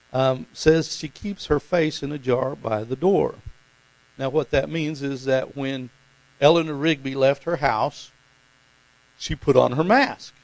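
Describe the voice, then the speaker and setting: A man's voice: medium pitch, dry recording, poor audio. A man preaching a conversational sermon as pastor, talking informally and putting questions to his congregation.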